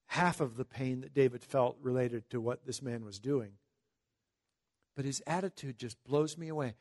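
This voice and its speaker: A man preaching a Bible-teaching sermon in a conversational way, reading scripture slowly and breaking into emphatic asides. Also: medium pitch. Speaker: pastor.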